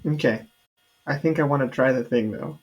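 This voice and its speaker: A man takes his turn in a tabletop game with a mid-pitched voice. He stumbles and hesitates, filling the gaps with ums and uhs as he tries to speak formally. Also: slightly rough, poor audio. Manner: halting, hesitant, full of fillers. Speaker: player. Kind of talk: casual tabletop role-play.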